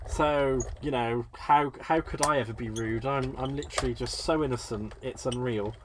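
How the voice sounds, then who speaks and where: Working at his desk at home, a UK crafting livestream host teases and jokes with his audience in a camp, playful manner during a live demonstration. He speaks at an ordinary pace in a medium-pitched, steady voice, and there is slight background noise.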